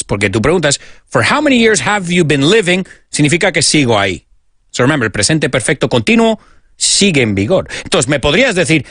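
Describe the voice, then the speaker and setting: A man's voice: a little high, fairly bright tone, no room sound, studio quality. An American man hosting a radio show that teaches English, chatting in a jokey way and switching between English and Spanish. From United States.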